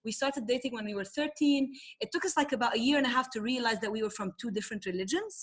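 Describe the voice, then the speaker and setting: A middle-aged Lebanese woman, a poet, telling her story in a candid interview, animated, swearing freely and mixing in Arabic phrases. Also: on the high side, racing. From Tripoli, Lebanon. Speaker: poet, guest.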